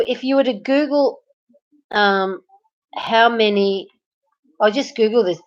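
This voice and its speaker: Aussie woman streaming from bed, chatty, greets everyone, dull lo-fi audio. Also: medium pitch. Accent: Australian. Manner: chatty, greets viewers and reads comments aloud. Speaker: live streamer. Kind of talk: casual live-stream chat. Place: in bed at night.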